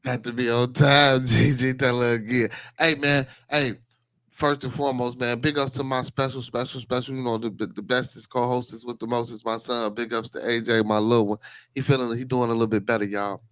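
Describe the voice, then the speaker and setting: A man's voice: medium pitch, level tone, brisk, a bit bright, no room sound. A man hosting a casual livestream podcast, greeting viewers and rambling loosely with repeated phrases. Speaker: podcast host.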